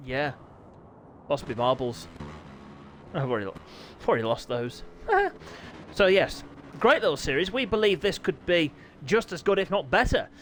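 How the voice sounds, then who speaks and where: A man hosts and commentates a racing game stream from his desk mic, joking with his riders. His voice sits high and leaps wildly, spiking into yelps when something happens on track. A faint background hiss runs under the recording. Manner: excitable, jokey, bursts into yelps and laughter. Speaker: race league host and streamer. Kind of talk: live race commentary and chat.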